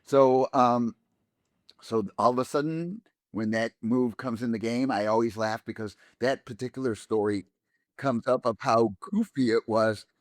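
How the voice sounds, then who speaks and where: A man telling an anecdote as an interview guest, animated and casual, with many fillers and restarts. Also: medium pitch, normal speed, dry recording, studio quality. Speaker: interview guest, game actor.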